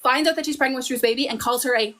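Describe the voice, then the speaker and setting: A young woman with a high, bright voice hosts a livestream. She talks in casual, quick run-on bursts like an excited fan, gushing as she retells events. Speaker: livestream host. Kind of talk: casual chat.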